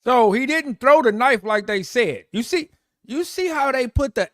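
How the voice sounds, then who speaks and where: A man hosting a live stream, commenting on a played clip, animated and joking, talking to viewers as y'all and folks. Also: extremely high pitch, moderate pace, dry recording, clean studio sound. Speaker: livestream host.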